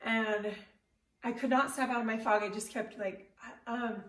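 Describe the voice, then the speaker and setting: A woman's voice: on the high side, measured pace. Candid woman storyteller, echoey and distant. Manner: candid, animated, self-deprecating with casual fillers. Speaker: motivational speaker. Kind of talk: personal storytelling talk. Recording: roomy echo, voice from far off the mic.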